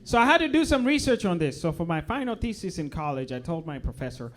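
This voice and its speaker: A young adult man from Uganda, doing a chatty, playful stand-up set in a comedy club and often dropping low for asides. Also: very animated, a little fast.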